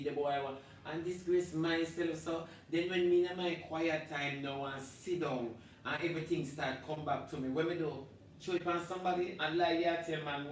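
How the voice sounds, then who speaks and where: Ranting Jamaican man in an echoey room. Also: distant mic. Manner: loud ranting in Jamaican Patois, swinging between shouting and low muttering. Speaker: live stream host. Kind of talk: animated live-stream rant. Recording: very echoey room, voice off-mic, faint background hum.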